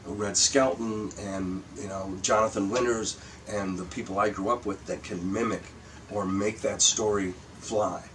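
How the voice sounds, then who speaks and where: An older comedian from Michigan, telling profane anecdotes in a casual interview and acting out quotes. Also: male voice, fairly low pitch, fairly even intonation, measured pace, fairly bright tone, recorded from a distance, a little hiss or hum, poor audio. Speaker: guest comedian. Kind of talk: casual storytelling chat.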